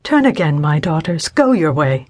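A woman's voice: deep voice, big pitch swings, moderate pace, darkish tone. A woman voicing a grieving older widowed woman in an audiobook reading, pleading and sorrowful. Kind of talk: scripted audiobook narration.

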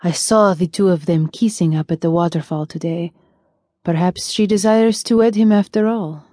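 Woman putting on a weary prince, low and stern, mellow voice. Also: moderate pace, dry recording, studio quality, close to an everyday voice. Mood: brooding. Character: brooding young male prince, guilt-ridden.

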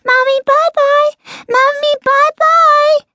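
Squeaky baby girl koala. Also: steady tone, takes it slowly, sharp tone, no echo, exaggerated voice. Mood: gleeful teasing. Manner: bouncy, sing-song repeating. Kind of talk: audiobook character voice.

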